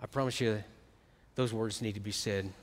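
A middle-aged man preaching a sermon as pastor, swinging from hushed, quiet stretches to emphatic ones. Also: on the low side, steady tone, moderate pace, long reverb tail.

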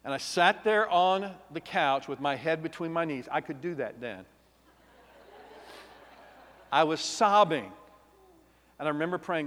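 A man, a pastor giving an emotional personal testimony, swinging between loud and hushed. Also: on the high side, animated, measured pace, pauses often. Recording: long reverb of a large hall.

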